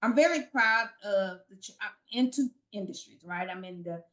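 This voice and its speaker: A woman from Chicago, a recruitment founder, speaking as a podcast guest in earnest, halting casual chat. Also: medium pitch, animated, fairly bright tone. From Chicago, United States.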